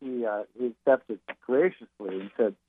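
Speaking at a moderate pace in a medium-pitched voice, an older man who plays music is a guest on a phone interview. His anecdotes come with lots of fillers and false starts, carried over a tinny line.

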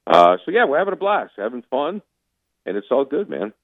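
A man's voice: mid-range voice, big pitch swings, a little fast, dry recording. A man calling in as a sports commentator, talking in a casual interview with emphatic, opinionated rants. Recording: tinny phone line.

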